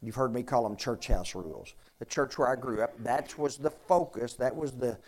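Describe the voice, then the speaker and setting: Male pastor, conversational sermon; earnest, halting, folksy. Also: medium pitch, darkish tone. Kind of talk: conversational sermon with questions to congregation.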